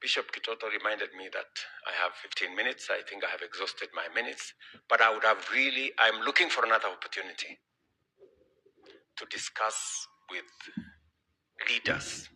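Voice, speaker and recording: A man with a Kenyan accent addresses church leaders in a conference hall, speaking with emphatic repetition. His voice sits a little low and comes out husky yet intensely forceful and tense. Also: normal speed. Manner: emphatic, repeating key phrases. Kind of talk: public speech.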